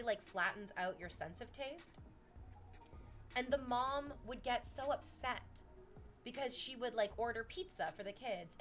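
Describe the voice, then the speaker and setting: A young woman streams and chats with her audience in a loose, animated way, swearing freely as she tells stories. Her voice sits in a middle pitch. Faint music plays behind her. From Canada. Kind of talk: casual chat with live chat.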